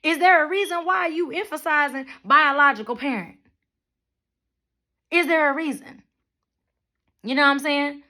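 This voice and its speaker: A young adult woman vlogging a blunt, profane rant to her viewers, with mocking asides and animated storytelling. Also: high voice, moderate pace, pauses often. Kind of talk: ranting monologue to camera.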